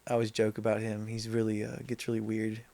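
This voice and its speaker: A man chatting casually on a podcast, telling stories with lively quoted voices. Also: on the low side, fast, vocal fry. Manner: animated storyteller, quotes friends in put-on voices. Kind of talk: casual chat.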